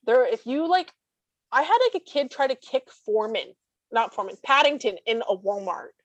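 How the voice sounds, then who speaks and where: A woman guest talking casually about life with her service dog, blunt and sarcastic with quick asides. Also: on the high side, animated, dry recording, rough recording. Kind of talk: casual chat.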